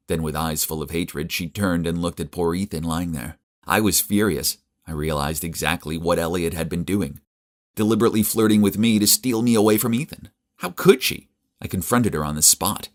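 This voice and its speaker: Young man, deep low voice, earnest scripted first-person narrator for an animated story. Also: normal speed.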